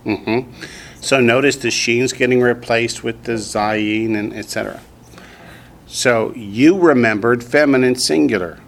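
A man with a Southern US accent teaching a language class in a classroom, drilling students slowly and patiently. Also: medium pitch, creaky. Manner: slow, patient drilling with repetition. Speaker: Hebrew teacher.

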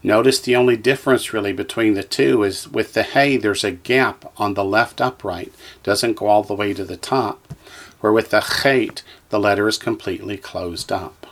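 A man's voice: on the low side, normal speed. A man teaching a beginner Hebrew lesson, reading from a textbook and naming each letter patiently for listeners to repeat.

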